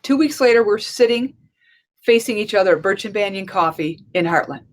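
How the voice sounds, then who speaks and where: A woman's voice: mid-range voice, brisk. A middle-aged woman, a life and leadership coach, gives a conversational conference talk and tells a story, acting out the dialogue as she goes. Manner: conversational and animated, acts out dialogue in stories.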